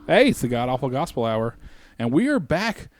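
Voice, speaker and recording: A man's voice: medium pitch, very animated, normal speed. A man co-hosting a podcast, chatting casually in an upbeat, easygoing way. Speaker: podcast co-host.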